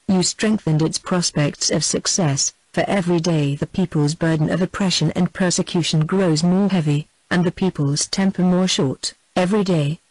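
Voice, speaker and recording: Narrator putting on a cool, unbothered gentleman plotter, quiet and slow, dry close sound. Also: medium pitch, no echo, lightly acted, low-quality recording. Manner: calm, almost apathetic delivery. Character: calm, dignified male plotter, quietly blunt.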